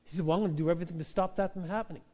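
A man preaching a sermon in a church, animated and conversational, rising to loud emphatic peaks and dropping to quiet asides, often checking in with "right?". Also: sits high, racing. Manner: conversational, asks the congregation "right?". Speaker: pastor.

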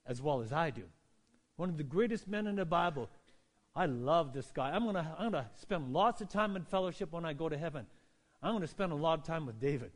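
A man preaching a sermon as pastor, swinging from hushed lines to loud cries and often asking the congregation for agreement. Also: sits high.

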